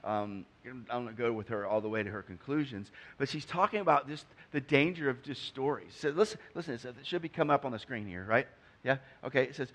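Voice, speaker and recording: A man's voice: medium pitch, brisk, a bit bright. A man preaching a conversational sermon, acting out the figures he quotes. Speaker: pastor.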